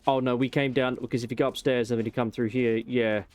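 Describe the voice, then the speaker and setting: A man's voice: mid-range voice, little pitch movement, quick pace, darkish tone, no echo. A young man casually rambling and joking while he streams a game, with some swearing. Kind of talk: casual gameplay commentary.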